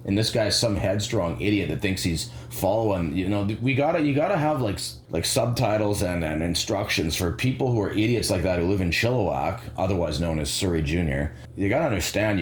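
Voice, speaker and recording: A man giving sarcastic, rambling commentary, animated and fond of mimicking voices. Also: fairly low pitch, roomy sound, slight background noise. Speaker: commentary vlogger.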